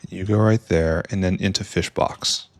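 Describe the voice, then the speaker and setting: A man's voice: low-pitched, steady tone, normal speed, no room sound. A man giving rambling, wry commentary while playing a video game, often talking to himself and trailing off into mutters. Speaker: gameplay streamer. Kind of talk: casual let's-play commentary.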